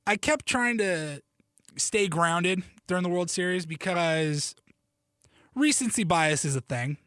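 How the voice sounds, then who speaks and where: A man hosting a casual solo sports podcast, animated and joking, with loose, profane talk that often restarts mid-sentence. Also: sits high, no room sound, studio quality. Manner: self-interrupting, restarts sentences. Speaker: podcast host.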